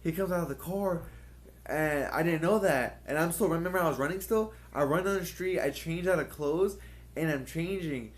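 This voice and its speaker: A man's voice: a little high, normal speed. A young man co-hosting a casual podcast, telling a long rambling story full of swearing and acted-out quotes. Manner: rambling, profane, acts out others' lines. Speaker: podcast co-host.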